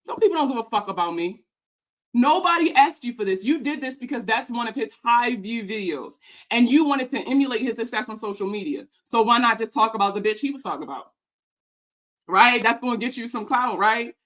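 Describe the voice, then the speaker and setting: Fairly high-pitched, animated and fairly bright, a personal finance video maker rips into a video about herself. Heated and fast, she swears freely and drips with sarcastic mockery.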